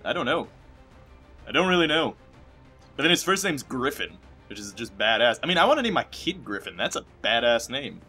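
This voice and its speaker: Bright-voiced young man rambling over game credits. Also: mid-range voice, sing-song, fairly quick, breathy edge, soft background music. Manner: rambling, jokey, swings between loud bursts and mumbling. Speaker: let's play host.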